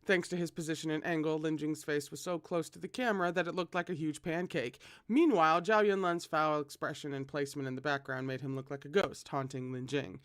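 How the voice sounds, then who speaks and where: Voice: medium pitch, brisk, a bit bright, dry recording, studio quality. A fan reader reading a novel aloud, with chatty asides to viewers. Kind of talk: casual read-aloud of a novel.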